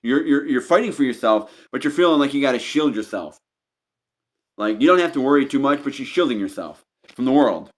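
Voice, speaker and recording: Here a tarot reader with a mid-range voice speaks fairly quickly with lively intonation. Improvising the reading, he addresses the listener as "you," meandering and repeating as he restarts phrases often.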